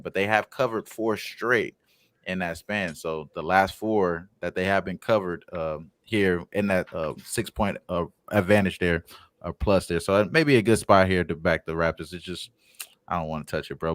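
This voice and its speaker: A man on a sports betting panel, talking in an easygoing, slangy and halting way. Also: low voice, fairly bright tone, no echo. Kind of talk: casual sports betting talk.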